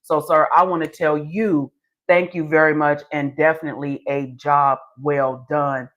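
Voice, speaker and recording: A woman hosting a casual interview, lively and teasing, with colloquial talk. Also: low-pitched, a little slow. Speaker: podcast host.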